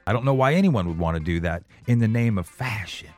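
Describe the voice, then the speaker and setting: A man's voice: on the low side, expressive, fast, a little mellow, soft background music. A man in his forties hosting a podcast, talking in a rambling, self-deprecating monologue full of restarts. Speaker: podcast host. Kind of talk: casual monologue.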